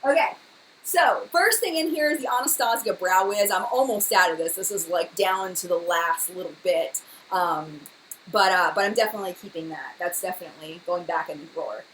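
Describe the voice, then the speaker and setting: A woman's voice: on the low side, fairly quick, a bit bright, a little hiss or hum, poor audio. A young woman hosting a casual live chat, chatty and emotional, talking to her viewers by name.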